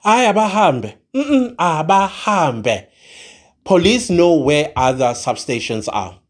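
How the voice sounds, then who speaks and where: Slow, animated South African vlogger. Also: mid-range voice. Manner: exasperated, switches into Zulu mid-sentence. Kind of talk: opinion commentary to camera.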